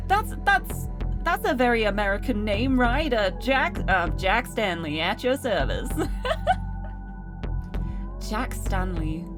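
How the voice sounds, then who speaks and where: Young woman streamer reading a game aloud, a touch high, chatty and self-deprecating, music clearly behind. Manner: animated, self-deprecating, giggly asides. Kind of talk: reading a visual novel aloud with commentary.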